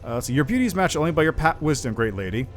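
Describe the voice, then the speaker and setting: A man in casual chat as he streams a game, reading lines aloud as he goes. His voice sits a little high. Quiet game music plays underneath. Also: very animated, very fast. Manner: casual, offhand, reads dialogue aloud.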